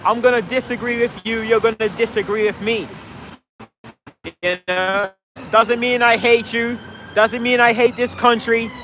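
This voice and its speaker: A man's voice: very high-pitched, steady tone, a little slow, fairly bright tone, soft background music. A man giving a heated, rhetorical street speech outdoors, challenging the crowd. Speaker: street speaker. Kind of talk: impassioned street debate speech. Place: outdoors in a city park.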